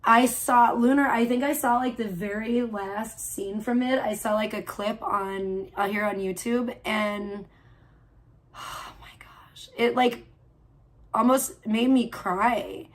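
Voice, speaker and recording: A woman's voice: a little high, fairly even intonation, measured pace. A woman live streaming from home, chatting casually and gushing with lots of filler words.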